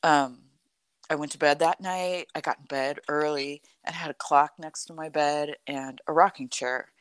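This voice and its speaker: A middle-aged woman telling a personal story in a conversation, animated and full of "like" and "you know". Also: low voice, moderate pace, clean tone, dry recording. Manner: animated, acts out quoted dialogue, frequent "like" and "you know".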